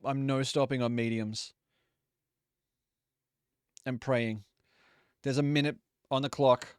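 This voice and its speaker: A man's voice: mid-range voice, steady tone, slow pace, clean tone, dry recording, studio quality. A young man streaming a racing game live, chatting casually, swearing freely and apologizing to viewers for audio trouble. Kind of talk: casual live gameplay commentary.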